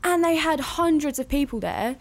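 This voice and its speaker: Young woman rambling through a story, lots of likes and laughs, bit high. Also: lively intonation, moderate pace. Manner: chatty storyteller, laughs often, many "like"s. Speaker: guest actress. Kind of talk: casual podcast chat.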